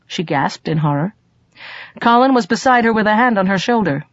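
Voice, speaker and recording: A woman narrating an audiobook in an expressive, lively storytelling manner. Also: medium pitch, moderate pace, no room sound, lo-fi sound.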